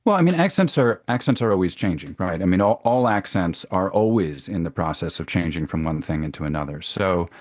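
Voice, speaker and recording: Deep-voiced man, animated dialect coach. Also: a little fast, few pauses, no echo, clean studio sound. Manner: animated, repeats words. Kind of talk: expert radio interview.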